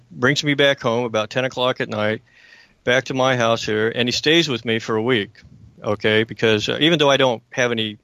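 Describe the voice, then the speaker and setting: A man's voice: mid-range voice, a bit bright, dry recording. Male talk radio host, mid-range voice, very dry close mic, emphatic personal storyteller. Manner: earnest, emphatic, keeps checking in with listeners.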